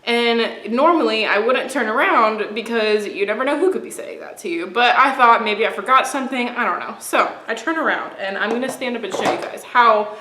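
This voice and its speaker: A woman's voice: fairly high pitch, a bit bright. A young woman and beauty vlogger, chatting casually and rambling through stories while doing her makeup, often laughing. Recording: roomy echo.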